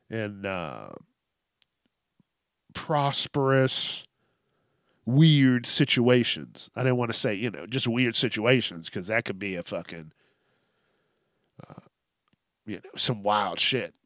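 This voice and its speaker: Profane, slow-talking male podcast host. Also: mid-range voice, expressive, dry recording, clean studio sound. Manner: profane, joking, laughs often. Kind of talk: solo podcast monologue.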